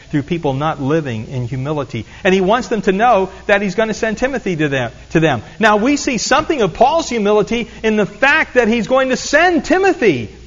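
A man's voice: high voice, fairly bright tone, highs cut off. A man preaching a sermon as pastor, earnestly teaching and repeating key phrases for emphasis.

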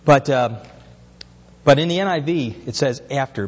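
A man's voice: medium pitch, moderate pace, breathy edge, long reverb tail, muffled recording. A pastor preaching an earnest sermon, his voice rising as he asks questions.

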